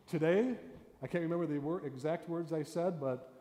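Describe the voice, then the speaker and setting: A man who is a pastor leads a hands-on storytelling workshop, talking casually and then slipping into whispered, suspenseful story openings. His voice is mellow and dark. It echoes through a large hall with a long reverb tail. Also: a little high, lively intonation, normal speed. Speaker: pastor teaching a storytelling class. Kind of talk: interactive workshop lesson. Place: church hall.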